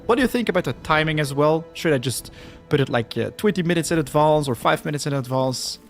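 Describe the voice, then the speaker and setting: A man's voice: fairly high pitch, lively intonation, fast, faint music behind. Chatty male game streamer, a bit winded. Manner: chatty, lots of fillers and restarts. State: slightly out of breath. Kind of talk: casual live stream chat.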